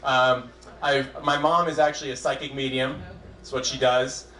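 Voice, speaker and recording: A man's voice: mid-range voice, little pitch movement, pushed and bright. Self-deprecating young male stand-up comic. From Southern California. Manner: self-deprecating, halting with restarts. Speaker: stand-up comedian. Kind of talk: stand-up comedy set. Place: comedy club stage with a live audience. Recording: echoey club room, faint crowd ambience.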